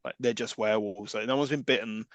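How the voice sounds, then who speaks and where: A man co-hosting a podcast, chatting about a film with wry, deadpan humour. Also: lowish voice, fast, dry recording. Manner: wry, deadpan jokes with laughs. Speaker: podcast co-host. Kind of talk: casual film chat.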